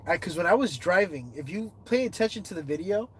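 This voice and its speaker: A congested man on a casual livestream, reading viewer comments aloud, answering them and telling a story with growing excitement. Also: fairly quick, slight background noise. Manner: animated storytelling, rising in pitch when excited. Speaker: livestreaming explorer.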